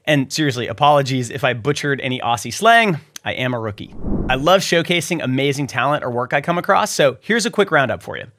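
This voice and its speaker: A man's voice: mid-range voice, animated, fast talker, noisy background. A man hosting a scripted news roundup, upbeat and jokey with playful asides. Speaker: show host.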